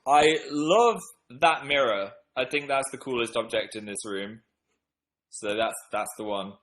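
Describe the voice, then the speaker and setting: A man's voice: mid-range voice, measured pace, a bit bright, low-quality recording. A young man hosting a casual livestream, reading viewer comments in a playful, self-deprecating, rambling way. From northern England. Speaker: livestream host.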